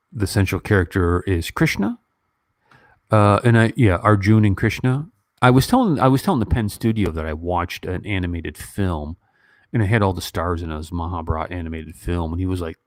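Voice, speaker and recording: A man in his fifties talks casually on a livestream, his voice sitting a little low and his nose stuffy from earlier crying. He wanders from thought to thought with plenty of ums and restarts. The sound is dry and close, with almost no room around it. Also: lively intonation, normal speed, no room sound. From United States. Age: 50s. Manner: rambling, emotional, many fillers and restarts. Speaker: YouTube movie reviewer.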